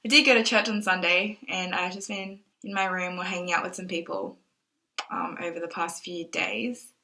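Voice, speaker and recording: In a lowish, fairly even voice at normal speed, pushed and bright, a young adult woman vlogs casually to camera. The exchange student rambles anxiously while thinking aloud, occasionally tearful, captured on a rough recording.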